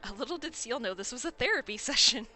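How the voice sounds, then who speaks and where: A woman's voice: on the high side, lively intonation, quick pace, bright, forceful tone, soft background music. A young woman streamer giving casual gameplay commentary in a wry, chatty way, swearing now and then.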